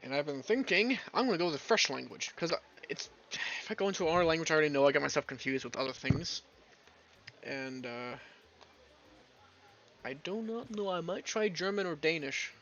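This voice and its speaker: A man from Canada chatting casually on a live stream in a rambling, halting way. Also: a little high, expressive, a bit bright, muffled recording, slight background noise. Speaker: streamer reading a visual novel.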